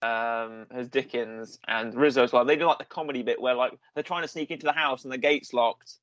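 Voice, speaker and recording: An enthusiastic male co-host in a casual film-review chat. He rambles eagerly through his points, and his voice sits in a mid pitch. The sound is dry and close. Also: steady tone, brisk, a bit bright, dry recording, highs cut off. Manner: enthusiastic, rambling, with fillers and restarts. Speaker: podcast co-host.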